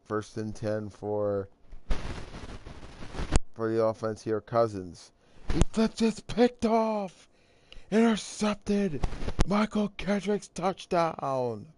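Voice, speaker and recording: A man putting on the voice of an excited TV football play-by-play announcer, calling plays with bursts of high, loud calls. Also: slow. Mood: hyped. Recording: clear background noise.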